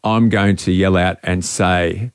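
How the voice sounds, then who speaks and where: Low-voiced male radio host. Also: fairly even intonation, slight background noise. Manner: rambling, halting, sentimental anecdote teller. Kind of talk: casual storytelling on air.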